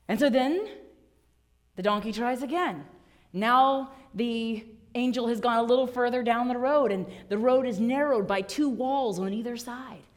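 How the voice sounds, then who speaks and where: A woman pastor preaching a sermon, telling a story playfully and acting out little voices in the quotes. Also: a little high.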